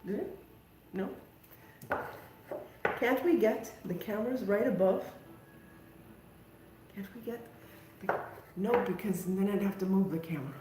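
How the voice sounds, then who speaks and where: A woman's voice: medium pitch, a little slow, long pauses, echoey room, background noise. A woman hosting a live crafting stream, chatting casually and poking fun at herself as she paints. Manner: chatty, self-mocking, talks to viewers while working. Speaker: crafting livestream host.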